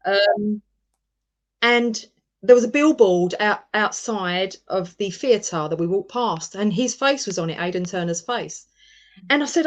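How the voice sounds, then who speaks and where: A woman's voice: medium pitch, moderate pace. Giggly woman telling a story. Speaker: guest. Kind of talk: casual chat.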